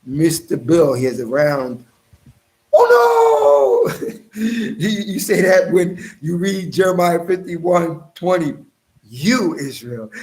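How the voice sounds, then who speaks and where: Preacher, male, slightly raised pitch; reads verses and comments on them with emphatic, slowed-down stresses. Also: rough recording. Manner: emphatic, slows down to stress key phrases, talks straight to listeners. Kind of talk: scripture reading with commentary.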